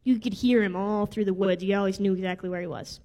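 A woman's voice: mid-range voice, fairly even intonation, fast talker, warm tone. A woman preacher telling a personal story in a sermon, in a heartfelt way. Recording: long reverb of a large hall.

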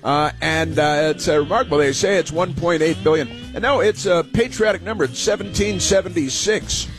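A man's voice: fairly high pitch, fairly quick, music in the background. A man hosting a political talk radio show, rambling with many fillers and restarts.

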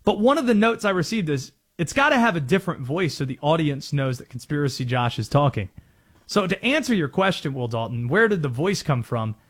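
A man's voice: a little high, big pitch swings, brisk, slightly rough. A man from North Carolina hosting sports talk radio, chatty and self-aware as he explains his on-air bits.

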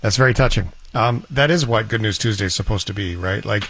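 A man's voice: fairly low pitch, a little fast, fairly bright tone, breathy edge. A man hosting a casual chat, reflective and easygoing, with a joking edge. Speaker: host.

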